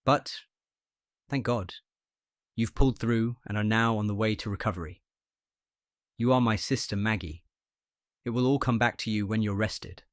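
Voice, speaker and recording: A kind visitor at a sickbed, voiced by a male reader, speaking gently and soothingly. His voice shakes a little and he stammers, heard close and dry. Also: lowish voice, moderate pace, long pauses, dry recording, close to an everyday voice. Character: gentle middle-aged man soothing a patient.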